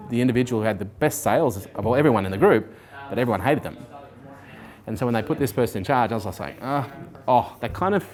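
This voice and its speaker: A man in his forties, a guest in an interview, telling his life story casually, animated and swearing freely while acting out what others said. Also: mid-range voice. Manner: animated, swears freely, acts out quoted people.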